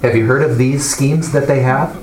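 A man teaching a Bible class, explaining and asking the class questions in an animated way. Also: mid-range voice, normal speed. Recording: echoey room, mic far off, faint noise.

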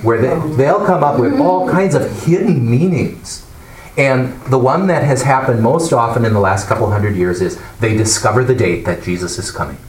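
A man teaching a Bible class, explaining and asking the class questions in an animated way. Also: medium pitch, moderate pace. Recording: echoey room, mic far off, faint noise.

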